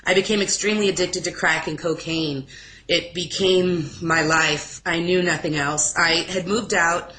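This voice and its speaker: Bright-voiced young woman telling her story. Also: fairly low pitch, fairly even intonation, a little hiss or hum, low-quality recording. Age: young adult. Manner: emotional, halting, with restarts and apologies. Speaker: interview guest. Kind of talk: personal testimony in an informal interview.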